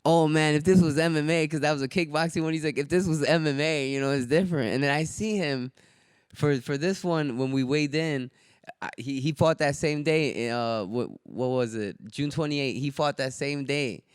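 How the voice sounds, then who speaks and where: A man's voice: fairly high pitch, normal speed, smooth, no room sound, clean studio sound. A man, a fighter, telling stories on a podcast in casual chat, swearing a lot and acting out what people said. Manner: animated, acts out quotes loudly. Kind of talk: casual storytelling, profane.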